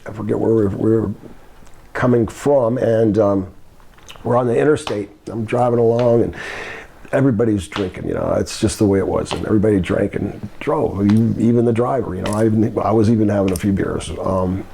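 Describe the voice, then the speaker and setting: A man's voice: fairly low pitch, a little fast, vocal fry, mellow, slight background noise. An older man, a former wrestler, telling rambling anecdotes with laughter in a shoot interview. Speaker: guest, former pro wrestler.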